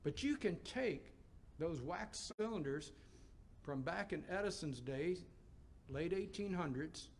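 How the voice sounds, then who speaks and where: A man's voice: on the high side, animated, slow pace, slight background noise. A man preaching a sermon in a folksy, conversational storytelling way, with emphatic rises.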